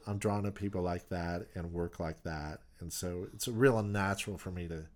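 A man, a touring musician, chatting in an interview with animated, rambling talk full of restarts. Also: deep voice, moderate pace. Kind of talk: casual interview chat.

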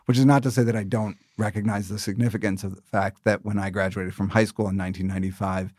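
A man in his thirties from the United States gives long, thoughtful interview answers, often restarting his sentences. His voice sits low. The recording is dry and close. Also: flat delivery, darkish tone, dry recording. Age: 30s. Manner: measured, thoughtful, with many restarts. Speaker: political candidate, former ambassador.

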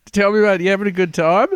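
Man doing loud, matey Aussie radio DJ, pitched way up, dry. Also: smooth, no room sound, close to an everyday voice. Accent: Australian. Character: overeager male commercial radio DJ.

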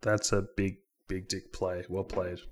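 A man's voice: deep voice, flat delivery, unhurried. A man playing a tabletop game, joking and playful with the game master. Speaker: player.

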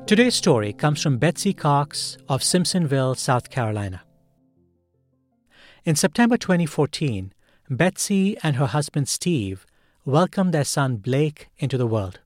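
A man hosting a podcast, delivering scripted narration in a measured, calm storytelling manner. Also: fairly high pitch, dry recording, faint music behind. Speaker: podcast host.

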